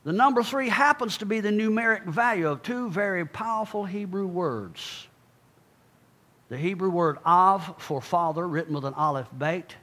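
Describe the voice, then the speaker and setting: A man preaching a sermon, speaking emphatically and calling out to his congregation, then dropping low and quiet for asides. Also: lively intonation, normal speed.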